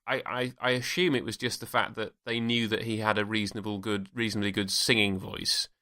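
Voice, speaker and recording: A podcast co-host chats casually about a TV episode, often restarting his sentences and laughing. His voice is fairly low and flat, with a sharp tone and a fairly quick pace.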